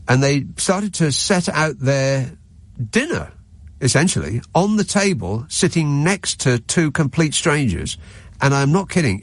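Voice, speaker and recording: A man's voice: a little high, no echo. A man co-hosting a chat show, telling a wry anecdote with a cold. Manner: wry anecdotal storyteller, animated. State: has a cold. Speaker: radio show co-host. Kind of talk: casual chat, storytelling.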